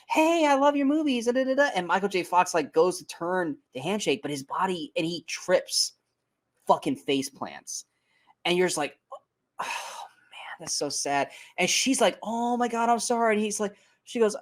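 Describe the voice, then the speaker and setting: A man co-hosting a casual movie review podcast, talking in an animated, emphatic way, swearing freely and tripping over his words. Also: fairly high pitch. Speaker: podcast co-host.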